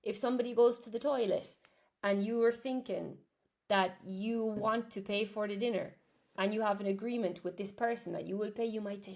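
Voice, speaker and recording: A woman's voice: mid-range voice, fairly even intonation, moderate pace, darkish tone. Chatty Irish woman teaching English live. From Ireland. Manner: chatty, answers viewers' comments. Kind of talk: live-stream lesson.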